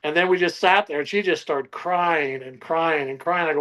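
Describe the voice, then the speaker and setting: A man's voice: on the high side, brisk, hardly any pauses, rough recording. An older man, a survivalist guest, telling his story in an interview and acting out what he and others said. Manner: animated storyteller, acts out his own quotes.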